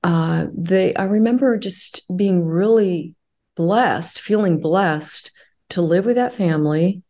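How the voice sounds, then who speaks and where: Low-voiced woman guest, reflective. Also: darkish tone. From California. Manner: reflective, halting, with frequent fillers and laughs. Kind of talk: conversational interview.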